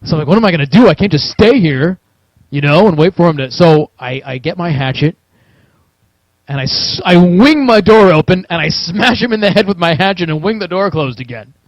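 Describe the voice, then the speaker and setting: A man telling a long gaming story in casual chat, animated and profane, acting out his own reactions. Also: a little high, brisk, dry recording. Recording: dull, dry lo-fi recording.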